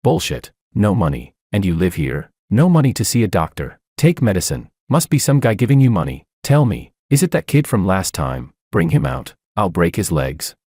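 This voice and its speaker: Man playing a greedy bullying father, sneering, threatening, deep voice, lively pitch, audio story. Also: normal speed, hardly any pauses, husky, no room sound, clean studio sound, exaggerated voice. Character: shameless greedy middle-aged father, bully.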